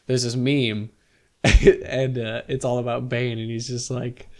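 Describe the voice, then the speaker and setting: Man, podcast co-host, rambling casual chat, mid pitch, fillers and swearing. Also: flat delivery, slow pace.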